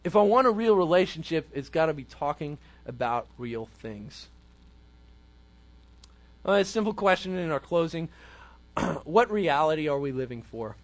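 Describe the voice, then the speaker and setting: A man speaking to a youth group in a casual sermon style, conversational and full of rhetorical questions. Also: a little high.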